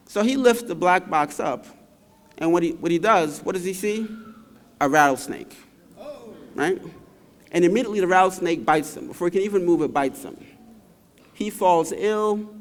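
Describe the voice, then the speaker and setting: A man's voice: high-pitched, expressive, moderate pace, long pauses. A man giving a graduation speech, telling stories and checking in with the crowd with frequent tag questions. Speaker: commencement speaker. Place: large hall. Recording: reverberant large hall.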